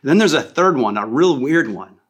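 A man preaching a sermon as a pastor, animated and repeating key phrases for emphasis. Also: medium pitch, moderate pace, breathy edge.

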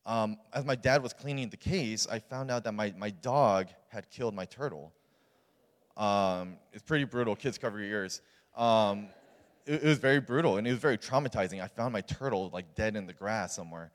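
Young male youth pastor, low-pitched, informal testimony with lots of "like" and "um", long hall reverb. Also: moderate pace. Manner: casual, earnest storytelling with many fillers. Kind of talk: personal testimony in a sermon.

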